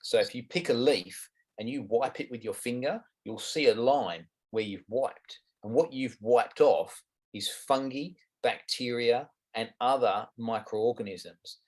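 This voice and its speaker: A man's voice: medium pitch, unhurried. A middle-aged Australian man answering interview questions about gardening, frank and explanatory. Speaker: guest gardening expert.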